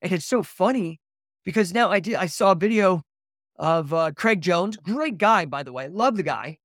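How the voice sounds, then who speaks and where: Excitable rambling podcast host man. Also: sits high, normal speed, dry recording, studio quality. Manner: excitable, rambling, says "dude" and "man" a lot. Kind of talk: casual livestream chat.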